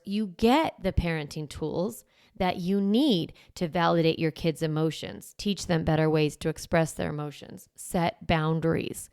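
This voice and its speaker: A woman's voice: lowish voice, clean tone, no room sound, clean studio sound. A middle-aged woman coaching parents, speaking casually to camera in a chatty way with lots of "like". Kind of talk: casual talk to camera promoting a course.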